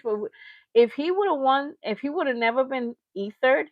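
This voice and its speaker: A woman's voice: high-pitched, animated, normal speed, no echo, highs cut off. A woman hosting a livestream reaction show, ranting in heated, slangy, emphatic commentary.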